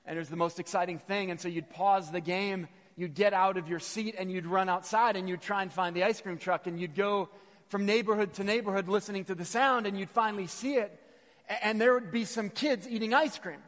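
A missionary preacher in his thirties, with a voice on the high side, delivers a sermon built around personal stories. He's animated, repeats phrases for emphasis, and sometimes stumbles over words. The recording carries a long hall reverb.

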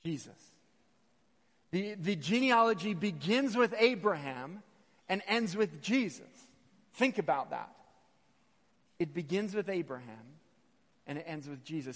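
A man in his thirties delivers a sermon in a church hall and weaves in stories from his own life. His voice sits slightly high and he tells the stories with animation, repeating key lines and now and then stumbling. A long reverb trails after his words. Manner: animated storytelling, repeats phrases, occasional stumbles. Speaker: missionary preacher.

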